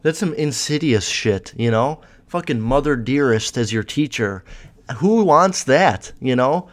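A man's voice: medium pitch, expressive, unhurried. Profane rambling young man. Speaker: podcast host. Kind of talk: casual chat.

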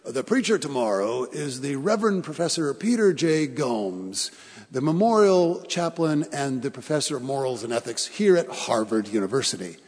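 A man's voice: mid-range voice, very animated, normal speed, darkish tone, husky, in a large hall. A man voicing a dignified older male preacher who announces himself in a grand, formal way. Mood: stately.

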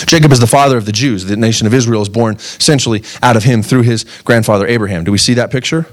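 A young adult man preaching to his congregation in a medium voice, neither high nor low. He is earnest and animated, and he keeps checking whether his listeners follow him. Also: fast talker, few pauses. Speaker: pastor. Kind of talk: sermon.

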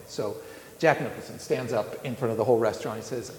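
A man's voice: mid-range voice, steady tone, fairly quick. A man telling stories in a sermon, rambling with frequent restarts and fillers. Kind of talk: sermon storytelling. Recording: echoey hall with long reverb.

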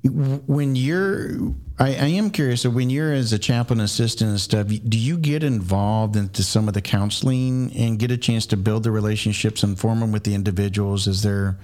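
A man's voice: lowish voice, normal speed, few pauses, a little mellow. A man hosting a podcast, asking questions and reflecting in a rambling, hesitant way. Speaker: podcast host.

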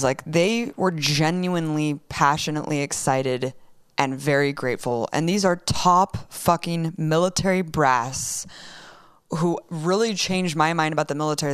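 A young woman telling a story in a casual interview, emotional and rapid, swearing often. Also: low voice, clear, resonant tone, no room sound, studio quality. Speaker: guest.

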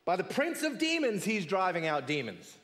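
Animated preacher in a reverberant hall. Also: male voice, sits high, moderate pace. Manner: animated, rhetorical questions, drops to a hush for effect. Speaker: pastor. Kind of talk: sermon.

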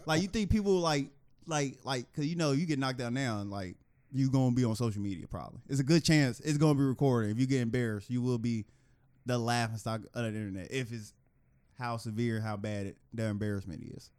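A man co-hosting a podcast in casual chat, animated and acting out quoted reactions with bursts of laughter. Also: mid-range voice, a little fast, smooth. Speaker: podcast co-host.

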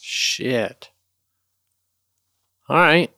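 A man's voice: medium pitch, drawn-out words, bright, forceful tone, no room sound, studio quality. A man hosting a casual podcast, rambling and joking with plenty of swearing. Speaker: podcast host.

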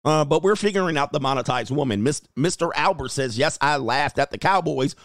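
A man hosting a casual livestream, reading viewer comments aloud, animated and laughing, with loose swearing. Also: a little high, brisk, hardly any pauses, dry recording, clean studio sound. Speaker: livestream host reading chat.

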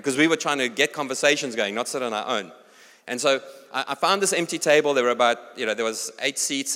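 South African preacher in a reverberant hall. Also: male voice, medium pitch. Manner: storytelling, animated, addresses congregation directly. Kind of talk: sermon with personal story.

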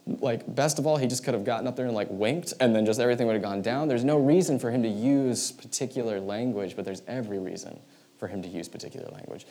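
A man preaching a sermon in a casual, animated storytelling way, often acting out the voices he quotes. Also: mid-range voice, fast. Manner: casual, many fillers like "like" and "right". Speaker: pastor.

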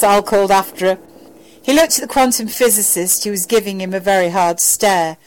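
A woman narrating a fan fiction story in an even, steady storytelling voice. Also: medium pitch, moderate pace, poor audio. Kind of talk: audiobook narration.

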